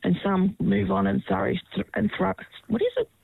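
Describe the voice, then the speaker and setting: A woman's voice: mid-range voice, little pitch movement, normal speed, dry recording. A woman guest on a radio interview, explaining a program in an earnest way. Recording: rough phone-line sound.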